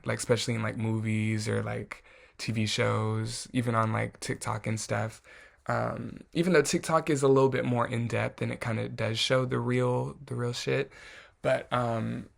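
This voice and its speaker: A man's voice: medium pitch, vocal fry. A man chatting casually to his viewers, loose and slangy, full of "like" and "um". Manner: chatty, many fillers like "like" and "um"; slangy and candid. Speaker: vlogger. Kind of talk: casual chat to camera.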